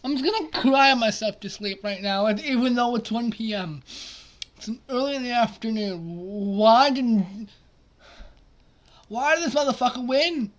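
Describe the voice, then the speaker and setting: Excitable streamer man reacting. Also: high voice, moderate pace. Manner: excitable, swings from mumbled asides to loud outbursts. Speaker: simulation gaming streamer. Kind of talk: casual reactive commentary.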